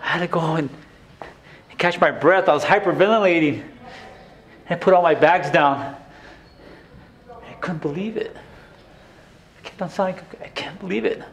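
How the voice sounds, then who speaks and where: An actor playing a grown man reliving his abusive childhood in a theatrical stage monologue, swinging between hushed and shouting. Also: a little high, moderate pace, pauses often, natural voice. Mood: haunted. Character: grown man, former abused son, intense and haunted.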